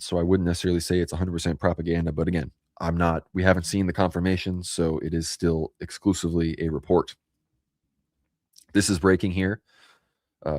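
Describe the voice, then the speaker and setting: A man with a very deep voice and hiccups gives casual political commentary on a live stream, reading out news and viewer comments. The sound is dry and close, with no room around it. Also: darkish tone, no echo. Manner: reads out news and chat comments. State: has hiccups. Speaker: co-host.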